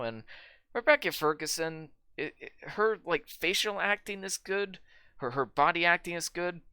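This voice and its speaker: A man's voice: on the high side, moderate pace, sharp tone, smooth, no echo. A man co-hosting a film podcast, giving emphatic, opinionated takes and swearing freely in casual chat. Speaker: podcast co-host. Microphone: remote call mic.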